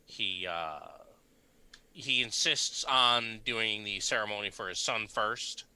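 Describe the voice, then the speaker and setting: A man narrating as game master of a tabletop game, relaxed and rambling with fillers. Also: on the low side, slow, smooth, rough recording. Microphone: desk mic on a live stream.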